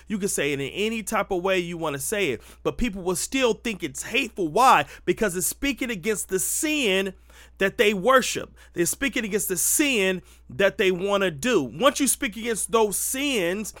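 A man's voice: high voice, pushed and bright, no echo, studio quality. A man giving emphatic, preachy Christian commentary, full of rhetorical questions and restarts.

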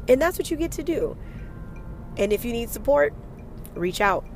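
A woman hosting a solo motivational podcast, talking in an energetic, emphatic and casual way with some swearing. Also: fairly high pitch, normal speed, long pauses, faint music behind. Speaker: podcast host.

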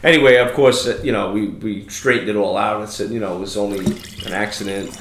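This New York podcast host in his thirties speaks briskly in a fairly low, fairly bright voice with fairly even intonation, and the sound is reverberant. His casual chat is loose storytelling peppered with plenty of swearing.

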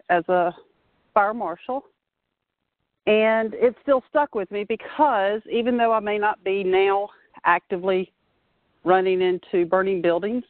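A woman's voice: medium pitch, dry recording. A woman in her forties talks earnestly and steadily about her work as a fire marshal. She is calling in on a phone from outdoors. The sound is tinny and dry, like a narrow phone line. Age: 40s. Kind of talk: casual phone interview. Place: outdoors at a playground.

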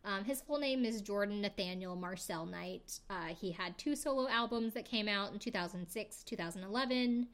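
A young adult woman hosts a podcast in a relaxed, chatty way. She rambles through a recap with plenty of fillers and playful side comments, keeping it casual and conversational. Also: mid-range voice, normal speed, few pauses. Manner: chatty, filler-heavy, jokey asides. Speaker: podcast host.

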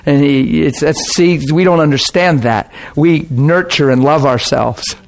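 A man preaching a sermon, telling a story in a folksy, animated way and slipping into the voices of the people he quotes. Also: a little high, unhurried.

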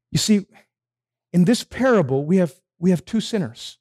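A man preaching with a slightly high voice and a lively, swinging pitch. He asks the congregation questions, then answers them himself. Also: normal speed. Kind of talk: sermon.

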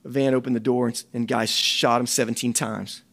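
A man voicing a troubled teenage boy who speaks slowly and solemnly in a low voice. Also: level tone, fairly bright tone. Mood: somber.

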